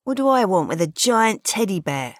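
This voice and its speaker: A woman's voice: medium pitch, big pitch swings, moderate pace, dry recording, studio quality, natural voice. A woman voicing a teenage boy with a thick South London accent who grumbles back at a stall girl. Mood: sulky. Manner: grumbling, sulky.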